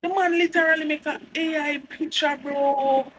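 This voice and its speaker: A woman's voice: sits high, fairly even intonation, moderate pace, poor audio. A woman with a Jamaican accent, giving chatty, mocking entertainment news commentary and laughing often. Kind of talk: casual commentary. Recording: noticeable background noise.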